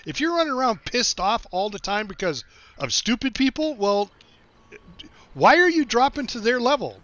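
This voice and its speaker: Easygoing middle-aged man streamer, bright voice. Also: very high-pitched, very animated, normal speed, no echo, dull audio. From United States. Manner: easygoing, laughs often, rambling with restarts. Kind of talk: casual chat while gaming.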